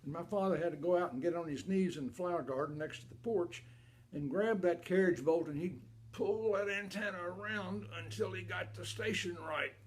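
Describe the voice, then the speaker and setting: An older man from Kentucky performing a family story with a slightly high voice. He tells it with animated swings from loud to hushed. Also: normal speed.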